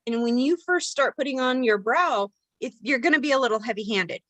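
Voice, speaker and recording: A woman with a somewhat high voice walks viewers through a makeup how-to in a loose, chatty way. She rambles, restarts and fills gaps with "you know" and "like". The sound is close and dry, with little room around it. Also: fairly quick, fairly bright tone, dry recording, poor audio. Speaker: makeup tutorial host. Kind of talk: casual how-to demonstration.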